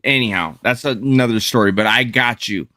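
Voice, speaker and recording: A man's voice: mid-range voice, normal speed, bright, forceful tone. A man hosting a casual group chat, effusive and prone to stuttering.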